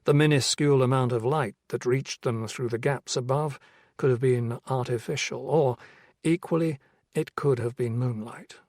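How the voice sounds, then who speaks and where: Husky male audiobook narrator. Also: mid-range voice, moderate pace, a little mellow, no echo, studio quality. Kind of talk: scripted narration.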